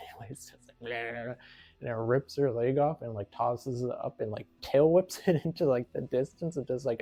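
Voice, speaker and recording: A man's voice: medium pitch, dark tone, no room sound. A man casually recapping a movie, giggling often and filling his talk with "like". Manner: giggly, rambling, says "like" a lot. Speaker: movie reviewer.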